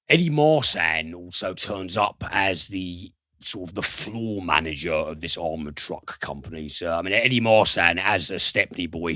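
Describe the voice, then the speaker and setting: A man hosting a podcast, retelling a film plot in a casual, halting way full of fillers, with the odd swear word. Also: sits low, pushed and bright, no echo. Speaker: podcast host, film reviewer. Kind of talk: casual film review chat.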